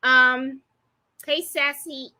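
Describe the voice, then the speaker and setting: A woman's voice: sits high, steady tone, very slow, bright, forceful tone. A woman hosting a live crafting stream, chatting casually, laughing often and greeting viewers by name. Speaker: livestream host.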